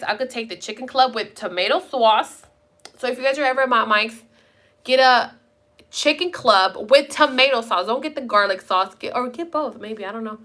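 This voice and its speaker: A woman's voice: on the high side, sharp tone. A young woman live-streaming at home, chatting with viewers in a rambling, casual way and swearing now and then. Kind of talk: casual chat.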